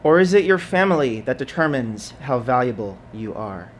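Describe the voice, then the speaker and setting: A man reading a poem of questions at a pub open mic, slow and emphatic. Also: medium pitch, sing-song, slight background noise. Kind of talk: poetry reading.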